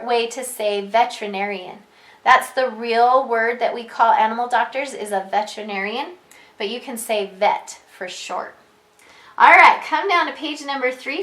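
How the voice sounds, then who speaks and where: A woman leads a preschool reading lesson at an unhurried pace, drawing out each word for young children. Her voice is bright and somewhat high. The room gives it a noticeable echo. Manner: slow, clear, encouraging teacher talk with questions to children. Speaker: preschool teacher. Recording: echoey room sound.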